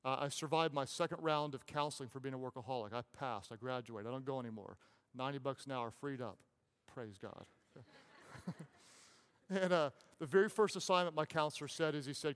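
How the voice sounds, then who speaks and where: A man preaching as a pastor, impassioned, repeating phrases and dropping to soft, slow pauses. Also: mid-range voice, clean tone. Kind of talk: sermon. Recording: long hall reverb.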